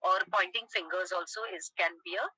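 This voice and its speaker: A woman teacher lecturing a class, checking in with "okay?" and pausing on "uh". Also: fairly low pitch, sharp tone, husky, no echo, low-quality recording. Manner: explains with frequent "okay?" check-ins and "uh" pauses.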